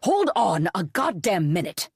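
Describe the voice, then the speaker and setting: A woman's voice: on the low side, lively intonation, a little slow, a little mellow, breathy edge, dry recording, studio quality. A woman voicing a brusque male police captain in an audiobook, curt and commanding. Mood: stern.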